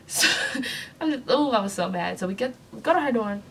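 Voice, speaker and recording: A young woman, telling an animated, sassy storytime vlog to her viewers. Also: mid-range voice, moderate pace, a little hiss or hum. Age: young adult. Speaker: vlogger.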